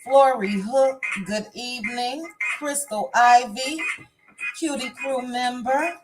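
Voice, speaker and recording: Woman livestream host, slightly high voice, slow and easy delivery, music bed underneath. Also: low-quality recording. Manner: reads viewer comments and greets viewers by name. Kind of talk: casual livestream chat. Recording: music playing behind the voice.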